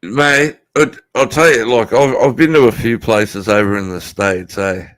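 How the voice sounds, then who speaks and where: A man with an Australian accent in casual chat, talking fast and swearing freely. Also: fairly low pitch, fairly even intonation, a bit bright, no room sound.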